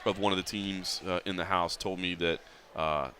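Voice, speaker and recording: A man hosting a casual podcast, upbeat and animated, with frequent "uh" fillers. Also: sits low, normal speed, a little hiss or hum. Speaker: podcast host.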